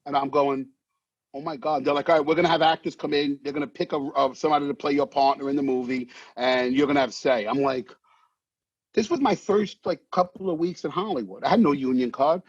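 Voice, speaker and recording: Casting: husky, higher-pitched New man, brash animated raconteur, dry dull recording. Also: quick pace, no room sound. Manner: animated, swearing, acts out voices in anecdotes. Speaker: actor guest. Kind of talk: casual storytelling interview. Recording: dull muffled sound, dry.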